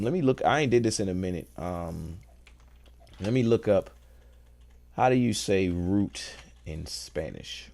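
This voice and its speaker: A man hosting a casual show, thinking aloud in a relaxed, playful way and enjoying wordplay. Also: low voice, creaky. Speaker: host. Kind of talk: casual musing talk.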